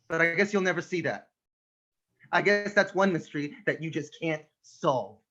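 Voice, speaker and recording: A man's voice: sits high, pushed and bright. A man in an improv comedy scene playing an earnest young male actor who sends in a laid-back audition tape. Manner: laid-back, then overwrought monologue delivery. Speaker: improv performer. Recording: dull lo-fi webcam audio.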